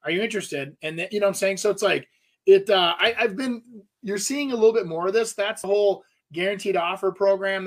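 A man's voice: sits high, fairly bright tone. A man, a real estate agent, co-hosting a casual chat and talking in a rambling way, full of restarts. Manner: rambling, lots of fillers and restarts.

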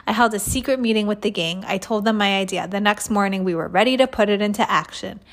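A woman reading a children's chapter book aloud, lively, with small slips she corrects. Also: mid-range voice, quick pace.

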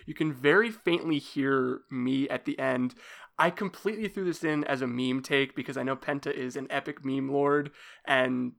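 A man's voice: medium pitch, moderate pace, creaky, a bit bright. A man hosting a casual chat, rambling and chatty with frequent fillers.

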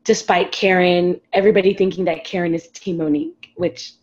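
A woman in casual chat, expressive and jumping high in pitch when excited. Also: a little fast, muffled recording. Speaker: podcast co-host.

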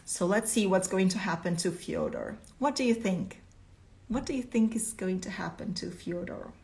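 Expressive woman reading a story aloud. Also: medium pitch, moderate pace, vocal fry. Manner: expressive, asks listeners questions. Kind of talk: storytelling lesson.

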